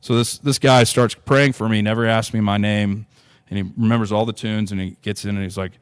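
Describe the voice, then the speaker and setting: A man's voice: fairly low pitch, steady tone, fairly quick, clean tone. A man telling a personal story as a podcast guest, earnest and rambling, full of restarts and "you know".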